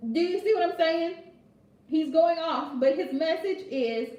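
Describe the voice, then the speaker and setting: Blunt high-voiced woman reader. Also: expressive, measured pace, darkish tone, echoey room. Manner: blunt, emphatic, repeats her point with "right?". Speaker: tarot reader. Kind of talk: casual advice vlog.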